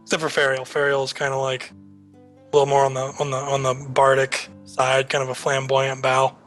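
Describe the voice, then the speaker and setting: A man narrating a tabletop game as game master, relaxed and full of fillers. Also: mid-range voice, moderate pace, soft background music.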